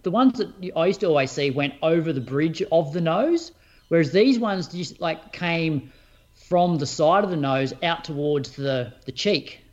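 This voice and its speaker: A man's voice: a little high, expressive, a little slow, muffled recording. A man, talking in casual chat, hesitant and repeating words.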